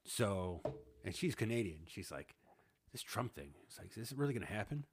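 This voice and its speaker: A man's voice: lowish voice, very animated, normal speed, husky. A man in his thirties telling a story in a casual podcast chat, laughing often, swearing and acting out what people said. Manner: laughing, swearing, acts out quotes. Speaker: podcast host.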